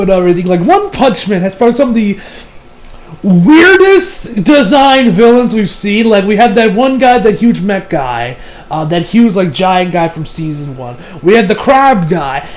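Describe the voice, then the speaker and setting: A young anime reviewer with a high voice casually recaps an episode on a rough recording, rambling with lots of fillers and laughter.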